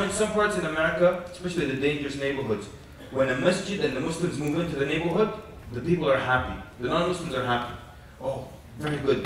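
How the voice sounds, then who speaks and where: A man with a slightly high voice preaches to a conference crowd, lively and storytelling, acting out little quotes as he goes. He is heard from a distance in a very echoey hall with faint noise behind. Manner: animated storytelling with jokes and acted quotes. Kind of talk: conference lecture.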